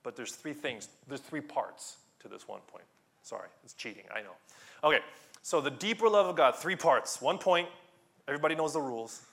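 A man preaching a sermon in an animated way, repeating words and rising to loud emphasis. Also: on the high side, a little fast. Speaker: pastor.

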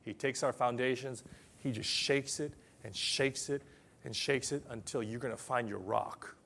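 A man preaching a sermon to people whose first language is different, telling stories and then leading a quiet prayer. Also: mid-range voice, fairly even intonation, moderate pace, gravelly.

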